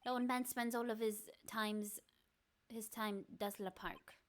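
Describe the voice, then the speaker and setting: A woman's voice: a little high, fairly even intonation, measured pace, lightly acted. A woman voicing a flamboyant male chef in a video game, using a mock French accent and a theatrical delivery.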